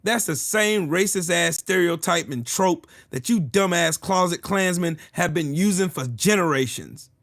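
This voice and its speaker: A man's voice: high voice, a little slow, few pauses, a bit bright. A male channel host delivering a ranting commentary, combative and mocking, with heavy profanity.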